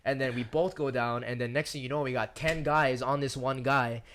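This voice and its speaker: A man's voice: mid-range voice, normal speed. A young man with a Hawaiian accent, a podcast guest telling casual stories and acting out the other people in them. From Hawaii (Maui). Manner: animated, acts out quotes in shifting voices. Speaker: podcast guest, MMA fighter. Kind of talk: casual storytelling.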